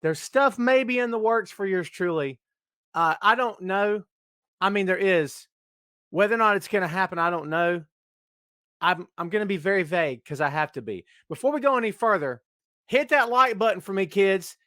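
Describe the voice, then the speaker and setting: A man's voice: sits high, animated, moderate pace, bright, forceful tone, no echo, clean studio sound. A middle-aged man hosting a live podcast, joking around and greeting viewers by name in casual, hyped-up chat. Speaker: podcast host.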